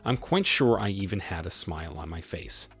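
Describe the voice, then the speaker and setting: A middle-aged man tells his own story in a low, husky voice, with plenty of movement in pitch. His tone is dry and faintly sarcastic, and faint music runs under the narration. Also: animated, normal speed, fairly bright tone. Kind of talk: scripted narration.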